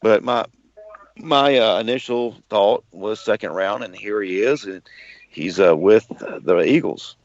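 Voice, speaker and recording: A man co-hosting a sports podcast in casual talk, excitable and tripping over his words. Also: lowish voice, a little slow, dry recording. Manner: excitable, stumbling restarts. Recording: muffled lo-fi dry sound.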